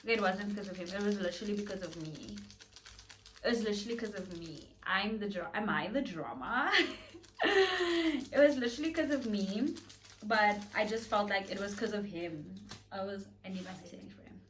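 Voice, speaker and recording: A woman's voice: mid-range voice, moderate pace. A young woman telling a storytime on her vlog, chatty and dramatic. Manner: dramatic, chatty, animated retelling with acted quotes. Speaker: beauty vlogger. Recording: voice a bit far from the mic.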